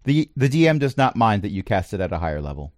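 Man as dungeon master, playful narration, lively swooping pitch, dry close sound. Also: fast, dry recording. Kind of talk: running a tabletop game online.

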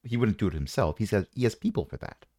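A man's voice: lowish voice, expressive, fast, warm tone, breathy edge, no echo, clean studio sound. A man narrating as game master in a tabletop game, wry and rambling with playful jokes.

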